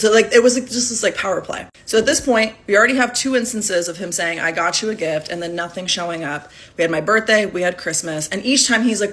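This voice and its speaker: A woman in her thirties tells a personal story straight to her phone camera in a casual storytime. Her voice sits at a middle pitch, and she talks candidly and animatedly. She acts out the quoted lines as she goes. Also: fairly quick, a bit bright. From California.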